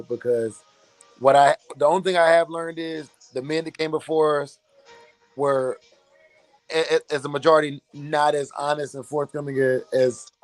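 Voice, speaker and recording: A man's voice: on the high side, no room sound. A man on a casual livestream, speaking earnestly and reflectively while stumbling over his words.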